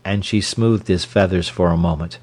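A man narrating an audiobook in a slow, measured, expressive manner. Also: low voice.

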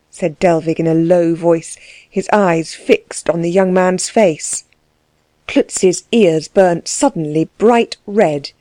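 A woman reading a novel aloud as narrator, with steady, measured storytelling. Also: on the low side, no room sound, clean studio sound. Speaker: audiobook narrator. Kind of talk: scripted narration.

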